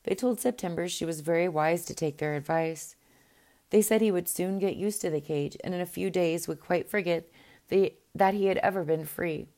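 A woman reading a fairy tale aloud in a gentle, unhurried way, with the odd small restart. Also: lowish voice. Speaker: storyteller. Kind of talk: storybook read-aloud.

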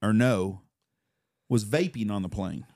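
A man's voice: on the low side, darkish tone, dry recording, clean studio sound. A man hosting a podcast, telling brash, profane stories in casual chat. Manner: brash, profane, fast storytelling. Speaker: podcast host.

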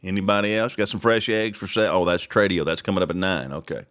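Low-voiced rambling male talk-show host. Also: steady tone, fast, fairly bright tone. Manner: rambling, reads news aloud with asides. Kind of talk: casual talk-show commentary.

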